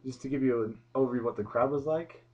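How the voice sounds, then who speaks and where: A man's voice: mid-range voice, fast, a little mellow. A young man co-hosting a wrestling review, chiming in with easygoing quips. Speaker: co-host of a wrestling review show. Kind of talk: casual chat. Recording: dull, lo-fi sound.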